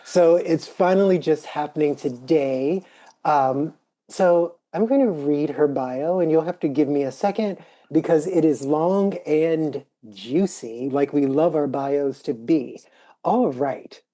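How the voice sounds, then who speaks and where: A woman co-hosting a podcast with an enthusiastic manner as she introduces a guest. Her voice is very low, mellow and unhurried. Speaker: podcast co-host. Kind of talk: casual chat, reading a guest bio.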